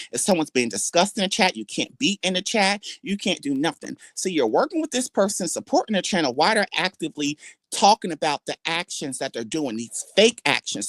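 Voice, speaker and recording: A woman's voice: no room sound, clean studio sound. Brash trash-talking woman livestreamer. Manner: brash, trash-talking, drawls and swings pitch for emphasis. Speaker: livestream host. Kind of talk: casual livestream commentary.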